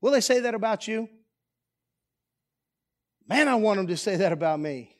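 A pastor with a notably high voice preaches to his church. He drives his points home with repeated rhetorical questions and forceful emphasis. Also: expressive, moderate pace. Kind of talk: sermon. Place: church sanctuary.

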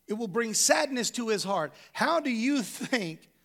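A middle-aged man delivers a sermon as pastor, his voice pitched high and roughened with a gravelly edge. He talks to the congregation plainly, like a conversation, and presses his points home with rhetorical questions. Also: very animated, a little slow, fairly bright tone.

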